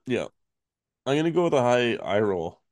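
A man hosting a podcast, talking in a laid-back, rambling way with fillers and soft laughs. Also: medium pitch, sing-song, moderate pace, dry recording. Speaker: podcast host. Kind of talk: casual chat.

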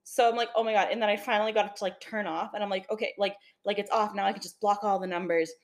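A woman's voice: medium pitch, fast. Chatty young woman telling a story. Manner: animated storytelling, acting out quotes with many "like" fillers. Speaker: podcast co-host. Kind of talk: casual chat.

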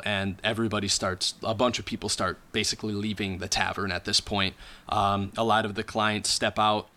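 Bright-voiced male game master, relaxed narrator. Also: on the low side.

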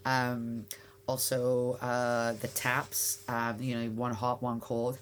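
A woman's voice: extremely low pitch, little pitch movement, takes it slowly, a little hiss or hum. A woman in her forties with a Canadian accent, chatting as an interview guest in a rambling way with many fillers and restarts. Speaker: guest, bagel shop founder. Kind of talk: casual interview chat.

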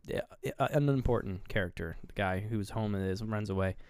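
A man's voice: on the low side, brisk, dry recording, studio quality. A man co-hosting a podcast, casually retelling a horror movie scene by scene and acting out the characters' lines. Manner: animated retelling, acts out lines from the film. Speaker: podcast co-host. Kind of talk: casual movie review chat.

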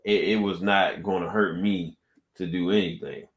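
A man co-hosting a podcast, telling a story in a casual, animated way and acting out the people in it. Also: deep voice, moderate pace, slight background noise. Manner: animated storyteller, acts out quoted exchanges. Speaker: podcast co-host. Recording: roomy echo.

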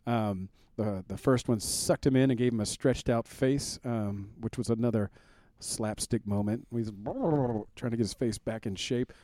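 A grumpy, deadpan male podcast co-host with a mellow, darker tone. He talks plainly and drily, with a habit of cursing, recorded close with no room sound. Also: mid-range voice, a little slow, no echo. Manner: grumpy, deadpan, swears a lot. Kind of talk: casual comedic chat.

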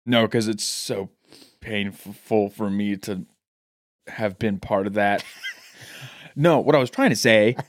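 A man's voice: fairly low pitch, takes it slowly, long pauses, no room sound, studio quality. A man co-hosting a podcast in casual chat, joking and swearing freely through playful banter. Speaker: podcast co-host.

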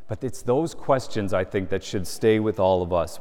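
A bishop gives a sermon in a fairly low voice, earnest and conversational, often turning to rhetorical questions. His words ring out with the long reverb of a big cathedral. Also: moderate pace, few pauses, warm tone. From Gulf Coast of the United States. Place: large cathedral.

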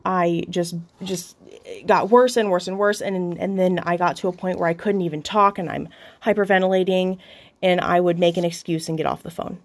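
A young adult woman hosting a podcast shares a personal story candidly and confessionally, with occasional swearing. Her voice is fairly low with fairly even intonation, and her delivery is halting, full of restarts.

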